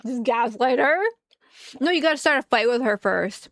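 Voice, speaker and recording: Woman livestream cohost, kinda high voice, dry wry jokes, reads out donations. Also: lively intonation, moderate pace, no echo. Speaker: livestream co-host. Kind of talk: casual chat.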